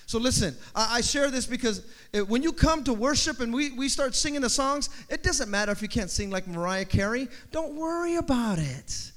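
A man's voice: very high voice, expressive, normal speed, few pauses, fairly bright tone. A male pastor preaching a sermon in a rising, repeating preacher cadence, with humorous asides and family stories.

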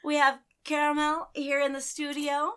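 A woman co-hosting a casual podcast, brash and quick to swear and laugh. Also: high voice, monotone, crowd noise. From United States. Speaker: podcast co-host.

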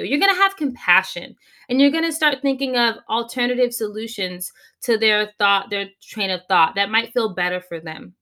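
A woman coach talking as a podcast guest, giving advice in an animated way and slowing down to stress her points. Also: on the high side. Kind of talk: podcast interview, conversational advice.

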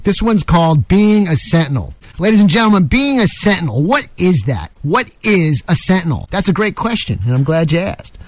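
A man's voice: a little high, no room sound. Emphatic, combative male radio host. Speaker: radio talk show host. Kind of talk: opinion monologue on talk radio.

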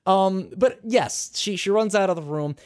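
A man's voice: high voice, a little slow, no room sound, clean studio sound. A man hosting a podcast, recapping a game in casual chat, swearing freely, laughing often and rambling with restarts. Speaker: podcast host.

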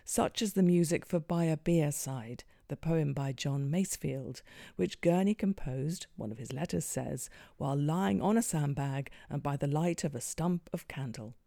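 Gravelly, dry-voiced presenter. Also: mid-range voice, mellow, no room sound. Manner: measured and formal. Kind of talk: scripted narration.

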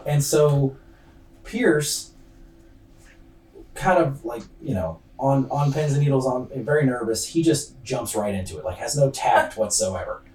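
A man's voice: medium pitch, measured pace, darkish tone. A man hosting a podcast who tells a true-crime story casually, with loose slang and a lot of fillers. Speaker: podcast host. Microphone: laptop's built-in mic. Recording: distant roomy computer-mic recording.

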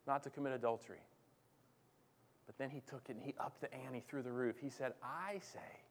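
A man preaching a sermon as pastor, swinging from loud declarations to hushed asides and calling on the congregation to respond. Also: medium pitch. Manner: addresses congregation directly, calls for responses. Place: church sanctuary.

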